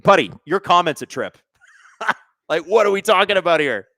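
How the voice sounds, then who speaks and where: A man hosting a live hockey watch-along stream, commenting casually on the play and reading chat, excitable and sarcastic, swearing at the refs. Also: high-pitched, moderate pace, creaky, dry recording, studio quality.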